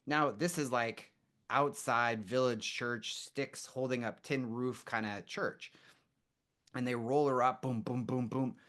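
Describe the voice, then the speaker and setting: A man guest on a podcast, telling stories in a casual, animated way and acting out what people said. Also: medium pitch, slow pace. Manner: animated storyteller, acts out quotes. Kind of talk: casual storytelling interview.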